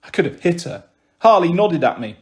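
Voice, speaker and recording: A man narrating a children's novel in steady, clear storytelling. His voice sits high for a man. The reading is paced evenly. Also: fairly quick. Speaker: audiobook reader.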